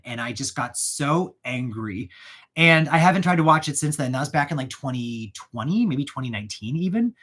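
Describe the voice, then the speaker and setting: A man hosting his own channel, chatting casually while wrapping gifts, animated and prone to going off on rants and tangents. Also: medium pitch. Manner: animated, ranting, goes off on tangents. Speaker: channel host.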